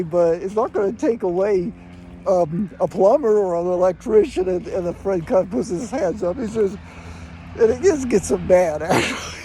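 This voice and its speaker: A man's voice: high voice, animated, normal speed, dark tone, slight background noise. A middle-aged man casually recounting an anecdote as a vlogger, rambling with many fillers and chuckling along. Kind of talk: casual storytelling monologue.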